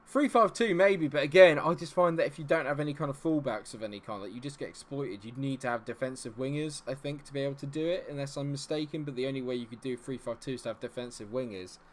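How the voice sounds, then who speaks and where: A man's voice: mid-range voice, fast talker, few pauses, a little hiss or hum. A young man streaming a football management game, chatting to viewers and swinging between cheering goals and fretting over results. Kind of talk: live stream commentary.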